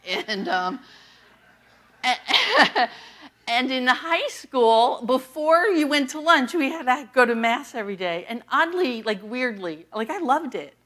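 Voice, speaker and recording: Woman pastor, middle-aged, from the East Coast, lively storytelling sermon, higher voice. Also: moderate pace, few pauses. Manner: animated storytelling, laughs often, voice rises on quoted questions. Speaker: associate pastor. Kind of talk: personal testimony sermon.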